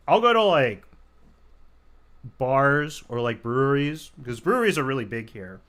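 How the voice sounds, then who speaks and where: A man casually commentating a card game match, relaxed and chatty with lots of fillers. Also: mid-range voice, normal speed, long pauses.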